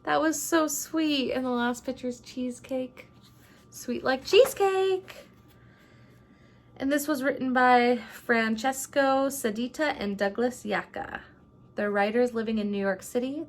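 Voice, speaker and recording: A woman vlogger reading a rhyming picture book aloud at home at night, in an unhurried storytelling way, then chatting casually. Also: fairly high pitch. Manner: unhurried storytelling, laughs between lines.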